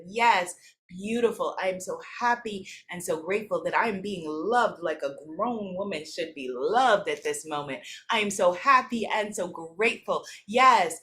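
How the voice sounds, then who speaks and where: A woman's voice: medium pitch, lively intonation, measured pace, a bit bright. Affirming woman leading a spiritual workshop. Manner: affirming, repeats gratitude phrases, reads participants' comments; laughs easily. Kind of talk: live spiritual workshop teaching.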